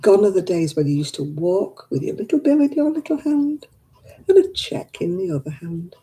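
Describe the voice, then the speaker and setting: A woman's voice: medium pitch, animated, normal speed, dark tone, poor audio. An older woman, chatting casually with live viewers and grumbling in an exasperated way. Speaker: live streamer.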